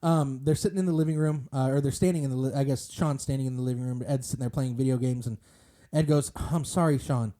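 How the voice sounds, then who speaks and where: Male podcast co-host, deep-toned and mellow, chatty and rambling. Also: fairly even intonation, fast. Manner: rambling, many fillers and restarts. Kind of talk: casual movie discussion.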